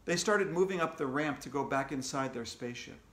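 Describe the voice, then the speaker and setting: A middle-aged man reading a children's book aloud, lively and animated, with higher voices for the characters. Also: a little fast. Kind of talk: read-aloud storytelling. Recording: echoey room.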